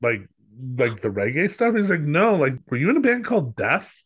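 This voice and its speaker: A man's voice: fairly high pitch, big pitch swings, normal speed, husky. Rambling man retelling a story. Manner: rambling, filler-heavy, acts out quotes. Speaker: podcast co-host. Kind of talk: casual chat, film review.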